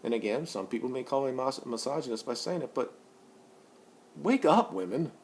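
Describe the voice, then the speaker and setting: Blunt, rambling man in his forties. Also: fast talker. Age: 40s. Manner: blunt, profane and rambling, with frequent restarts; rising loud and high when worked up. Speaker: vlogger. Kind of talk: opinion monologue to camera.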